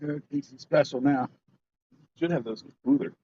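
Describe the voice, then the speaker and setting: A man's voice: medium pitch, normal speed, mellow, slightly rough, no echo. A man on a fishing boat, chatting and teasing his live-stream viewers in a joking, offhand way. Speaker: fishing vlogger reading live chat. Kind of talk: casual live-stream chat. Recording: dull lo-fi sound.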